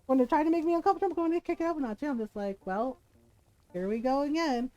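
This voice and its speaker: A woman's voice: high-pitched, quick pace, mellow, highs cut off. A middle-aged woman streaming, telling stories in casual chat and laughing often as she talks. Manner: chatty storyteller, laughs often.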